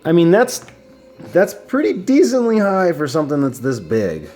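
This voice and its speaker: A man's voice: a little high, sing-song, normal speed, a little mellow, faint music behind. A man casually reviewing a collectible action figure, enthusiastic and chatty, with fillers and restarts. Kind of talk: casual unboxing talk.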